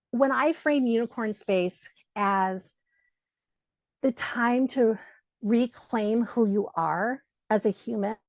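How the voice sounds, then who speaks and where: A middle-aged woman, a coach and guest, chatting in a casual interview, telling animated stories, acting out quoted voices and swearing freely. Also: a little high, no echo.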